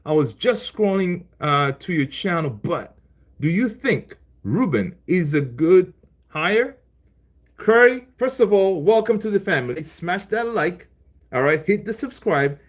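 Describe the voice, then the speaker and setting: A man's voice: sits high, very animated, unhurried. Chatty man hosting a live stream. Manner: loose and chatty, laughs along with viewers; many fillers, repeats phrases. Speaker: livestream host reading chat. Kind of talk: casual live chat.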